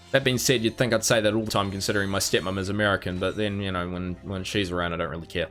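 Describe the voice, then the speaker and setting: A man's voice: sits low, steady tone, a little fast, a bit bright, soft background music. A man from New Zealand chatting casually while streaming a game, rambling and self-mocking with many restarts. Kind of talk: casual gameplay chat.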